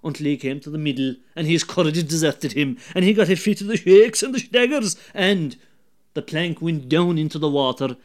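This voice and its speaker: Lively Irish storyteller, man. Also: fairly high pitch, normal speed. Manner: lively, dramatic, drops to hushed asides. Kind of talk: folk tale storytelling.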